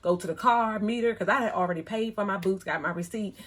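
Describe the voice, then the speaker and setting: A middle-aged woman, telling a story in a chatty, animated way, acting out the other people in it. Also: mid-range voice, fast. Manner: chatty, animated retelling with quoted voices. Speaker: thrift vlogger. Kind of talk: casual storytelling vlog.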